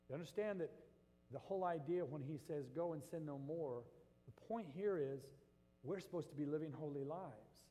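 A man preaching a sermon as pastor, swinging between loud emphasis and hushed asides. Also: on the high side, moderate pace, long reverb tail.

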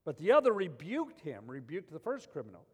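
A man preaches a sermon with a high voice, pressing hard on key lines and then falling to a hushed intensity. His words ring out with a long reverb tail, as in a large hall. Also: a little fast, breathy edge. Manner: animated preaching, swings between loud emphasis and quiet intensity. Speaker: pastor.

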